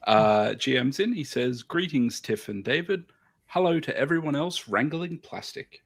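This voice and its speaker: A man's voice: mid-range voice, lively intonation, normal speed, breathy edge. A man on a live model-building panel who laughs a lot and reads out chat comments. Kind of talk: casual live-stream chat.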